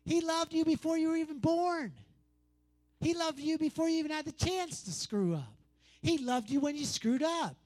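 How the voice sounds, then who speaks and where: A man's voice: very high voice, lively intonation, moderate pace, darkish tone. Emphatic male preacher, repetitive and conversational. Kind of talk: sermon.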